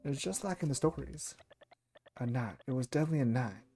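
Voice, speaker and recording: A man voicing an excitable little boy who insists he saw a ghost. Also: medium pitch, fast talker, faint music behind, natural voice. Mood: excited. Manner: loud, insistent.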